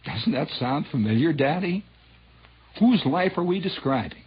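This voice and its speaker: A man's voice: a little high, lively intonation, moderate pace, husky. A male radio disc jockey giving a wry, sardonic, rambling on-air monologue. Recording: muffled old radio broadcast.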